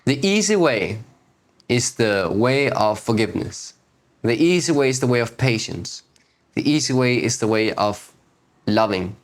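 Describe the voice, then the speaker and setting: A man hosting a spiritual video series, giving an unhurried reflective talk that repeats phrases and asks rhetorical questions. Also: mid-range voice, expressive.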